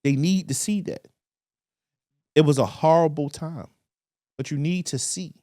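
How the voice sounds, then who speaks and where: A man, co-hosting a casual podcast and telling stories with animated quoted voices. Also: on the high side, measured pace, dry recording, clean studio sound. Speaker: podcast co-host.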